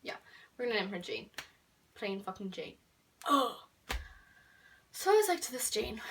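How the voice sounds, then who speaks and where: A teenage girl telling a story in a casual vlog, chatty and full of fillers, dropping to whispers and then bursting out loud. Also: mid-range voice, lively intonation, a little fast, pauses often, recorded from a distance, a little hiss or hum. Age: teens. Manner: chatty, filler-heavy, swings between whispered asides and loud outbursts. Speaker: vlogger.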